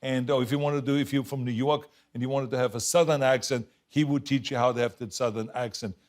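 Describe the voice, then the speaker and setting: A man's voice: mid-range voice, quick pace. An older man in his seventies with an Austrian German accent, telling stories as a talk show guest and acting out the quotes. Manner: animated storyteller, acts out quotes, laughs often. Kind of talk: casual chat. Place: TV studio with audience.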